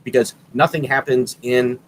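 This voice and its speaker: A man rambles hesitantly in a casual group chat, often starting over. His voice sits at a middle pitch, with faint noise behind him. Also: fairly even intonation, normal speed.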